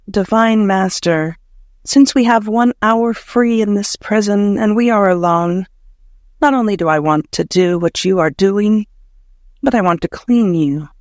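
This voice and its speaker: A man's voice: sits high, no echo, studio quality. A man narrating a devotional audiobook in a fervent, prayerful, emotional way.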